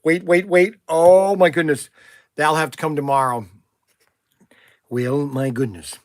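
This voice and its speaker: A man's voice: fairly high pitch, steady tone, measured pace, long pauses. A man running a toy shop livestream, chatty and jokey while making a phone call.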